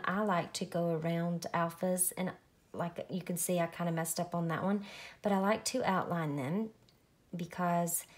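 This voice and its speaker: Chatty young woman, lowish voice. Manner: chatty, relaxed, lots of fillers. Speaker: craft vlogger. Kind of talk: casual narrated craft tutorial.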